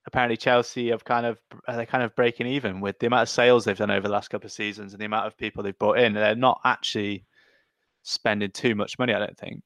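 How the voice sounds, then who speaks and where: A man's voice: fairly low pitch, steady tone, fast talker, fairly bright tone, no echo. A man co-hosting a casual football podcast, laid-back and joking. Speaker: podcast co-host.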